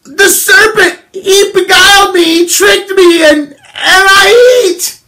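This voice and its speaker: A man putting on a shrill, sobbing Eve in a high falsetto. She wails slowly through tears, frightened after being caught. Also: sharp tone, recorded from a distance, heavily acted.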